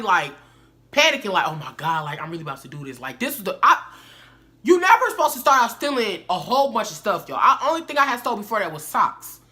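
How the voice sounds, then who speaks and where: Animated young woman telling a story. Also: on the high side. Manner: animated, slangy, addresses viewers as y'all. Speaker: vlogger. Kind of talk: casual storytelling to camera.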